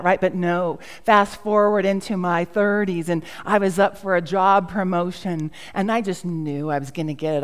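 A woman's voice: lowish voice, long reverb tail. A middle-aged woman pastor giving a sermon in a storytelling way, with self-mocking humor.

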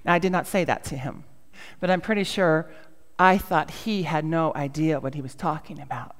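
A woman's voice: low-pitched, moderate pace, in a large hall. A middle-aged woman pastor giving a sermon in a storytelling way, with self-mocking humor.

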